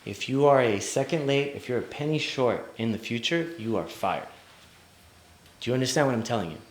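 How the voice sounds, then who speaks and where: A man's voice: medium pitch, expressive, brisk, roomy sound, lightly acted. A man doing a stern bank manager lady. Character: stern female bank manager scolding an employee.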